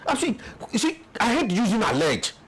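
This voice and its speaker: A man's voice: high-pitched, huge pitch swings, moderate pace, fairly bright tone, breathy edge, low-quality recording. A man with a Nigerian English accent, giving impassioned, emphatic political commentary as an interview guest and repeating words as he builds his points. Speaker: interview guest, peace commission official.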